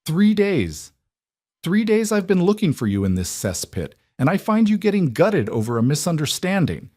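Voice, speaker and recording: A man voicing a bold, sharp-tongued young woman in an audiobook, shrieking and hissing her lines. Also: medium pitch, sing-song, moderate pace. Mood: furious. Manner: shrieking, biting, then hissing. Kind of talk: audiobook character voice.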